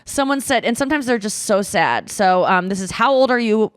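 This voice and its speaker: A woman in her thirties hosts a podcast, talking casually at a middle pitch. She tells stories freely with fillers and mimics other people's voices. The sound is dry and close to the mic. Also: brisk, smooth, no room sound. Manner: animated storytelling with mimicked voices; frequent filler words. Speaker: podcast host. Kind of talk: casual chat.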